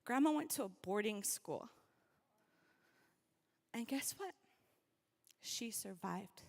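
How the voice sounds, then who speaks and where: A woman's voice: fairly high pitch, animated, slow pace, gravelly, darkish tone. A woman from North Dakota giving a rally speech, calling out to the crowd and leading the audience through a reflection. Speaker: event speaker.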